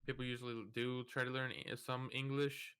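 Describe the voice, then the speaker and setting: A man's voice: mid-range voice, monotone, brisk, a bit bright, clear, resonant tone. A young man co-hosting a podcast, laid-back and thoughtful in casual chat. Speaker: podcast co-host.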